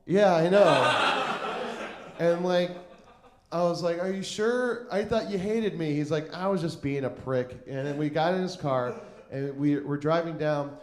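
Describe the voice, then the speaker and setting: A man's voice: a little high, measured pace, echoey room. A young man telling a rambling stand-up story on a comedy stage, full of fillers and acted-out quotes.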